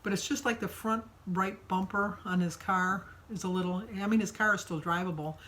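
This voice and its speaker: A woman's voice: medium pitch, steady tone, normal speed, a bit bright, a little hiss or hum, low-quality recording. An older woman from Michigan chatting casually in her daily vlog, telling a long story with lots of fillers. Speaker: vlogger.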